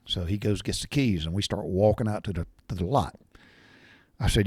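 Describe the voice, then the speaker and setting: A middle-aged man, telling a rambling, blunt story in a casual monologue and often clearing his throat. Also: fairly low pitch, animated, normal speed, long pauses, no echo. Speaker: podcast host.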